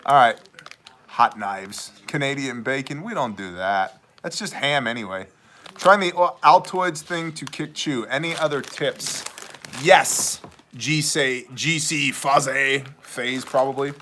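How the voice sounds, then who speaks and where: Man, livestream host, casual joking chat, laughs often, bright sound. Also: medium pitch, slight background noise. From Wisconsin. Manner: joking, laughs often, mock Canadian voices.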